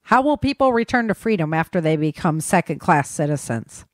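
Brief: woman voicing a defiant young rebel woman in an audiobook, blunt and lively, dry sound. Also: low-pitched, a little fast, no room sound. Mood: passionate.

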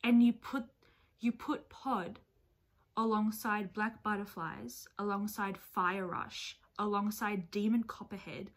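A woman book vlogger talking casually to camera in a reaction video, expressive and chatty, swearing freely. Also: mid-range voice, slow pace. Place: at home with her dog nearby.

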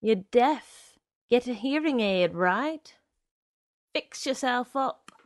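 A woman's voice: on the high side, animated, slow, no echo, clean studio sound, pitched above the performer's own voice. A woman reading aloud, voicing a pushy young man who coaxes and threatens by turns. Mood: rapid, bossy. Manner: wheedling and pushy, slipping into threats. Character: menacing young man, smooth-talking stalker.

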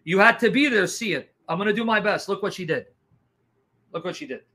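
Animated man with a sharp, bright voice. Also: sits high, quick pace. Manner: animated, dramatic, acts out reactions. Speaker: evangelist. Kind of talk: testimony storytelling.

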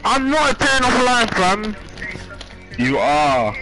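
A man's voice: sits high, very animated, slow, over loud music, poor audio. A young man bantering aggressively in a voice chat, swearing and insisting. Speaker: friend in party chat.

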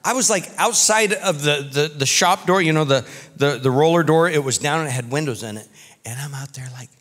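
A man preaching a sermon as pastor, telling folksy stories in an animated way. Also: a little high, fairly quick. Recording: reverberant church hall.

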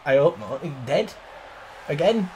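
A man's voice: fairly high pitch, big pitch swings, a little slow, mellow. A man commentating a wrestling game, cheering on and swearing at the players. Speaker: gaming commentator. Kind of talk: excited let's-play commentary.

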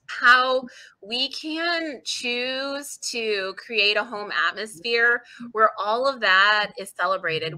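A woman in her forties, a book author, is a podcast guest telling animated, conversational stories. Her mid-range voice comes through poor audio; she's expressive, laughs readily, and acts out quoted voices.

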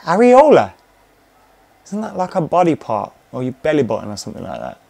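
This young man talks fast in a mid-range voice that's gravelly yet a little mellow, with huge swings in pitch. He's a gaming commentator giving casual live commentary, cheering and swearing at the game's action.

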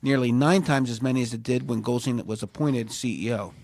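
A man's voice: mid-range voice, fairly quick, vocal fry, a little mellow. A man co-hosting a casual news chat, reading news items and joking along with his co-host. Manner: reads news items, jokes and laughs often.

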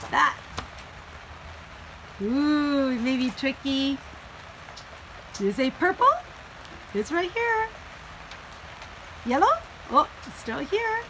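A woman's voice: high-pitched, expressive, slow, pauses often, a bit bright, low-quality recording. A woman teaching young children in a sing-song, encouraging way, indoors on a rainy day. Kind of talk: sing-along lesson for young kids. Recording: rain noise in background.

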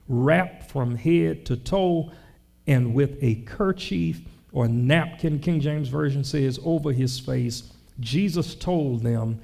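A male pastor preaching a sermon, reading scripture slowly and dramatically with comic asides. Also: medium pitch, creaky, warm tone.

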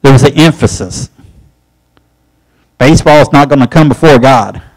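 A man's voice: mid-range voice, moderate pace, a little mellow, rough recording. A man teaching a church Bible study, folksy and emphatic, rising when he presses a point. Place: church classroom.

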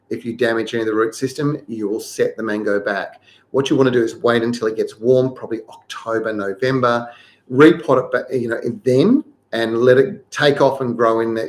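A middle-aged man with a mid-range voice hosts a live gardening show. He reads questions from viewers out loud, then offers practical advice.

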